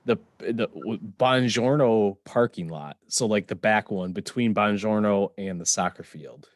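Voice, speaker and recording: A young man co-hosting a podcast, telling a story in a halting casual way with "um" and "like" fillers. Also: on the low side, no room sound, clean studio sound. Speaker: podcast co-host.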